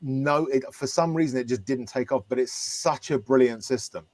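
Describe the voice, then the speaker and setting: A man's voice: mid-range voice, normal speed, a little mellow. A man on a football podcast panel, explaining things at length in casual chat.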